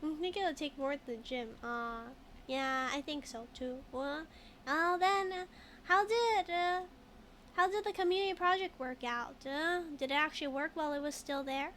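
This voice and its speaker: High-pitched giggly girl streaming a game, chatty, reading lines out and talking to chat, bit of hiss. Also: normal speed, a bit bright. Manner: chatty, giggly, reads game text aloud and answers chat.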